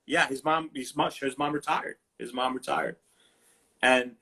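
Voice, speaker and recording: A man's voice: medium pitch, steady tone, a little slow, bright, forceful tone, breathy edge. A man hosting a casual livestream chat, telling a profane story and acting out the quotes with lots of energy. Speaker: host. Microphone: livestream phone mic.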